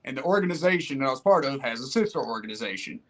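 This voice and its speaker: A man's voice: mid-range voice, expressive, rapid-fire, fairly bright tone. A young man, co-hosting a podcast in casual chat and telling stories in a laid-back way full of "like" and "you know what I'm saying.". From Detroit, Michigan. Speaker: podcast co-host.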